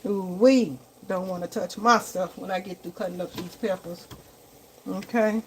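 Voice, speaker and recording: A woman's voice: medium pitch, fairly even intonation, moderate pace. A woman hosting a casual live cooking vlog in her home kitchen, chatting to viewers and calling them y'all and baby. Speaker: home cook and vlogger. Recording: kitchen recording with loud sizzling noise. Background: frying and sizzling in the pan.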